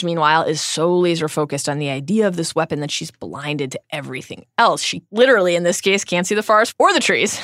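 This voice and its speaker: A woman's voice: deep voice, a bit bright, no room sound, clean studio sound. A woman hosting a book podcast, retelling chapters and reading quotes aloud with wry asides. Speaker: podcast host. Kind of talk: book discussion podcast with read-aloud passages.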